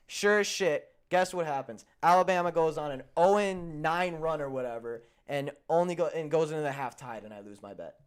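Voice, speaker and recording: Animated, profane young male show host. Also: fairly high pitch, normal speed, few pauses, smooth. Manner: animated, profane storytelling that swings from heated to grumbling. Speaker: sports betting show host. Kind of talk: casual chat.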